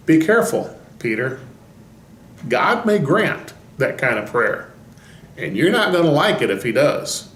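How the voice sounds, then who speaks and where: A man's voice: fairly high pitch, lively intonation, unhurried, long pauses. A man giving a short devotional as a pastor, telling the story with folksy humor. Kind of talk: devotional talk. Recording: roomy echo.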